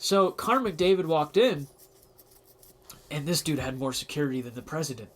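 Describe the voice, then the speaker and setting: A man's voice: on the high side, animated, normal speed. A young man co-hosting a podcast, telling a rambling, self-deprecating story in casual chat. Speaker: podcast co-host.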